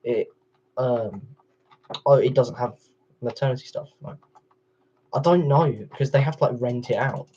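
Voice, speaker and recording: A man's voice: medium pitch, moderate pace, pauses often, warm tone, breathy edge, muffled recording. A man chatting casually on a gaming livestream, arguing back and forth with his chat in a rambling way. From England. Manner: rambling, argumentative replies to chat.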